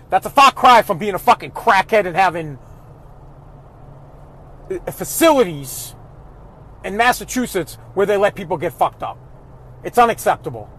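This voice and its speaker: A father with a high, husky voice that's a bit bright goes off about bringing up kids. He's blunt and swears heavily, and his voice rises throughout this profane rant of opinions.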